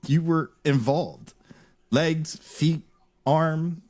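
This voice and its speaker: Rambling animated man. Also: on the high side, drawn-out words. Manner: animated, rambling, restarts often. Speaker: podcast host. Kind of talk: casual chat.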